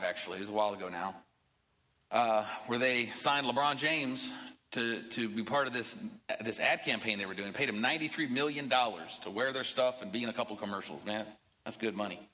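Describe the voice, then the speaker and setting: A middle-aged man, a pastor, preaching a sermon in a church in a relaxed, conversational way, with jokes and asides. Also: fairly low pitch, long reverb tail, poor audio. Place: church sanctuary.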